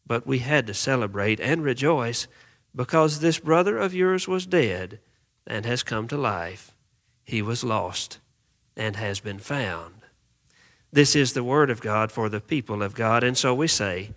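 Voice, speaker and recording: A male pastor reading scripture and preaching an earnest sermon, emphatic, with dramatic slowdowns. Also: medium pitch, fairly bright tone.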